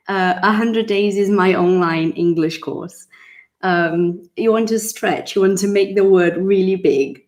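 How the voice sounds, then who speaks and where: A woman, teaching English in a chatty, casual way and repeating words slowly so they can be drilled. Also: lowish voice, a little mellow. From Brazil. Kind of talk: casual online English lesson.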